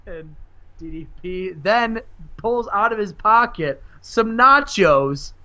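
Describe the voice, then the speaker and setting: A man casually narrating a wrestling simulation game, animated and laughing as he tells it. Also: sits high, slow pace. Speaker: guest co-host. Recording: lo-fi mic.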